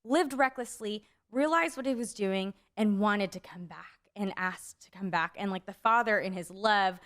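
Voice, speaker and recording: Young woman podcasting about faith, says like a lot, rambly casual chat, normal pitch. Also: moderate pace, a bit bright. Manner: rambling, many "like" fillers. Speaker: podcast co-host.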